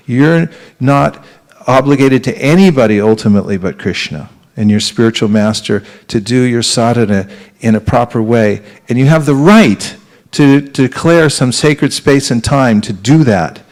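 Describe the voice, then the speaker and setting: A man, a spiritual teacher, giving an earnest, conversational devotional talk to a live audience, with pauses and restarts. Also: medium pitch.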